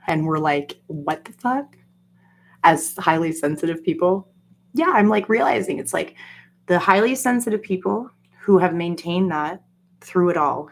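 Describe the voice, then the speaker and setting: A woman in a casual solo monologue, ranting profanely with lots of fillers and acting out quoted voices. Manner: profane, animated, jokey rants with frequent fillers; acts out quoted voices with jumps in pitch. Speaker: solo vlogger.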